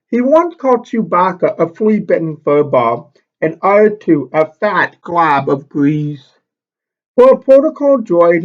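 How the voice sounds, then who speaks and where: A male elementary school teacher with a fairly high voice reads a picture book aloud to children, expressively, pausing to explain the pictures. The recording's high frequencies are cut off.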